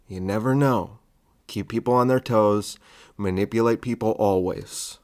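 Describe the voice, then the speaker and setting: A man's voice: lowish voice, unhurried. A male podcast host in the middle of a casual rant. His delivery is sarcastic and provocative, slipping into a mock-soothing tone as he needles his listeners.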